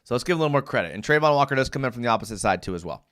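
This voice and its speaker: Hosting a live fan show, a young man races through his breakdown of game film in a mid-range voice. Viewer comments get him animated and quickly worked up.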